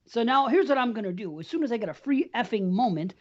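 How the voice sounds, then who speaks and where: A woman's voice: a little high, lively intonation, quick pace, muffled recording. A woman hosting a horror movie podcast, talking in plain casual chat. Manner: introduces the show, plain conversational. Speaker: podcast host.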